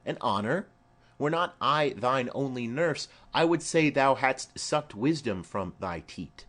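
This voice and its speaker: A man's voice: medium pitch, expressive, a little slow, a bit bright, pitched above the performer's own voice. A man reading a rambling old nurse. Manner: rambling, fond, earthy asides. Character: chatty old female nurse, rambling and doting. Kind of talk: audiobook play reading.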